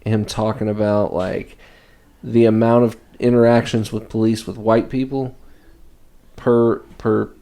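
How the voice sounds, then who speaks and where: A man's voice: on the low side, level tone, unhurried, warm tone. A man co-hosting a podcast in casual, rambling chat with many fillers. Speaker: podcast co-host.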